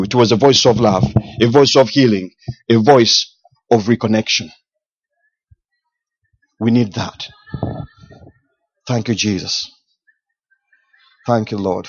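A man's voice: mid-range voice, dry recording, lo-fi sound. A man preaching a sermon with fervent emphasis and repeated phrases.

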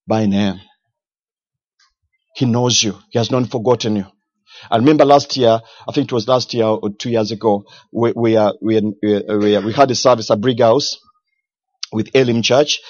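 A man preaches with fervor, hammering home repeated phrases in a mid-pitched voice. The sound is slightly dull and dry, with little room around it. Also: darkish tone, dry recording. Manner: fervent, repeating phrases for emphasis. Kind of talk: sermon.

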